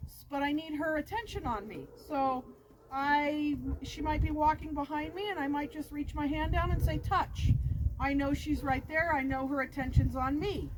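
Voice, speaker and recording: A woman dog trainer explaining each step plainly, outdoors near a road. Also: moderate pace. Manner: explains steps plainly, praises the dog in a high sing-song voice. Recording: loud background noise.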